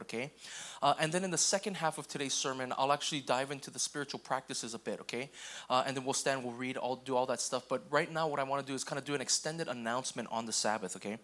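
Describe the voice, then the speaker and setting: A young man preaching a sermon in an easygoing, conversational way, often checking in with the congregation and acting out quick voices. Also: on the high side, a bit bright. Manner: casual, repeats okay and restarts, acts out quoted voices. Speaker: pastor.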